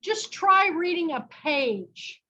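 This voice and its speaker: A woman's voice: very high voice, lively intonation, takes it slowly, pushed and bright. A woman from Kansas hosting an online book club, chatting and making rambling announcements over a video call.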